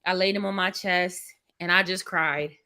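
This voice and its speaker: A woman's voice: lowish voice, fairly even intonation, moderate pace, bright, forceful tone, clear, resonant tone. Woman, young adult, livestream host, casual rambling chat, tired and overwhelmed, candid venting. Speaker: livestream vlogger. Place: bedroom at home.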